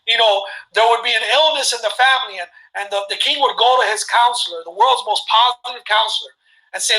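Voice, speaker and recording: A man from Cuba telling a story to a webinar audience in a casual, rambling way, often doubling back on himself. His voice is bright and animated throughout. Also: very high-pitched, fairly quick, low-quality recording. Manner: animated, rambling, self-interrupting. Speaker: webinar presenter.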